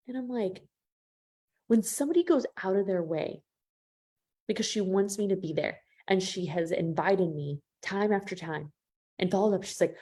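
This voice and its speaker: A woman coach with a mellow voice leads a live training for her listeners. She talks to them warmly as "y'all" and acts out the quoted voices with big swings in pitch. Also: animated, a little fast, breathy edge. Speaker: business coach.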